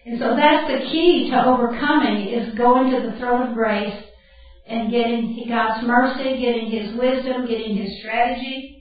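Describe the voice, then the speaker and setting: A woman's voice: fairly high pitch, fairly even intonation, unhurried. An older woman giving a Bible camp teaching talk in a folksy, chatty way, breaking off to laugh at her own stories. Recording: very echoey hall, distant and dull.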